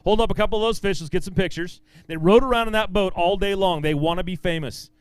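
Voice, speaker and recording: An upbeat man running a live tournament weigh-in, his voice sitting high for a man and coming through smooth and resonant. He calls out each weight and name with a booming lift, then drops into easy banter. The sound is dry and close on a handheld mic. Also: fast, no echo. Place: outdoor fishing tournament weigh-in stage.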